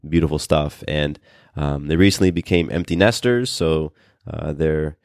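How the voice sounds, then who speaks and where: Here a man with noticeable vocal fry co-hosts a podcast, captured in a clean, dry studio recording. His talk is casual yet earnest, broken by frequent halting restarts, and he reads out a listener's email while noting his voice is bassy today.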